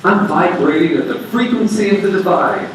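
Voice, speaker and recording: A man delivers an animated sermon, chatty and playful, with a fairly high voice. His voice is picked up from far off in a hall with heavy echo, and faint room ambience lies underneath. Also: normal speed, a little hiss or hum. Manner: animated, conversational preaching with playful asides. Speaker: minister. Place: church sanctuary. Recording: very echoey hall, voice from afar.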